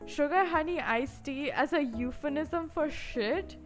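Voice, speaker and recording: A woman's voice: high-pitched, a little slow, hardly any pauses, faint music behind. A woman streaming casually, rambling and chatty with lots of filler words. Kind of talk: casual live-stream chat.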